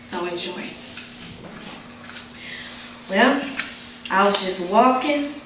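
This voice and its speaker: A woman giving an emotional, dramatic spoken word performance at a live event, moving between hushed and pleading delivery. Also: medium pitch. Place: live event before an audience. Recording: very echoey room, mic far off, faint noise.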